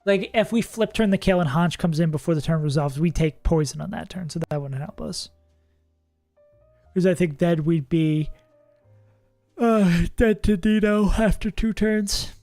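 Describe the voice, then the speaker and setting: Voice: mid-range voice, moderate pace, warm tone, dry recording, faint music behind. A streamer casually talking through a game live, thinking aloud, laughing often and swearing now and then. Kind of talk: casual livestream commentary while playing.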